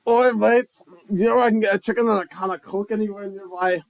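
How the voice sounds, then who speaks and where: A man's voice: high-pitched, steady tone, fast talker, no room sound. A man voicing a cheeky young male intern from Liverpool with a nasal Liverpool accent, calling everyone lads and mates. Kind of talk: comedic put-on voice in podcast chat.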